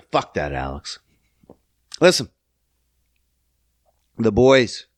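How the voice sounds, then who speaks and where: A man in his thirties hosting a podcast, ranting casually and cursing as he swings between loud outbursts and low mutters. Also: wildly swooping pitch, extremely slow, no echo, studio quality. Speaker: podcast host.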